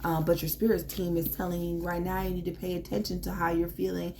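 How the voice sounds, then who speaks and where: Talking fast in a warm, fairly low voice with a level tone, a tarot reader gives a casual reading, some hiss or hum audible. Her delivery is blunt, profane and emphatic, a pep talk that urges listeners on.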